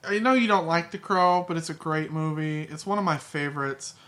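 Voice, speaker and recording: A man talks casually on a podcast, his voice bright and crisp. He rambles through his points and often restarts his sentences. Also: a little high, a little fast. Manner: rambling, restarts mid-thought. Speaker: podcast co-host. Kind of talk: casual chat.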